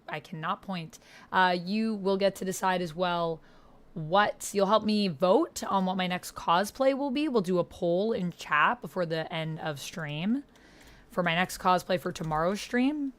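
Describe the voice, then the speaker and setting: A woman's voice: on the low side, unhurried. A young woman streamer chatting casually with her viewers and reading their messages aloud. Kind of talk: casual livestream chat.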